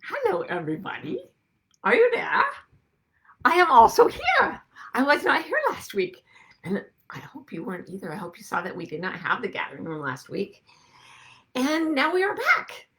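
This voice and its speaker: A woman's voice: high voice, wildly swooping pitch, normal speed, a bit bright. A woman hosting a casual live video broadcast, chatting and greeting viewers with frequent laughs. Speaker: host. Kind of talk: casual chat. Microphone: video call webcam.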